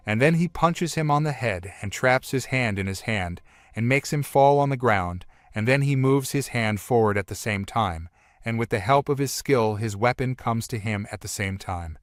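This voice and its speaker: A man narrating a comic story recap, retelling events one after another with "and then" in a plain, steady way. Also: medium pitch, no room sound, clean studio sound.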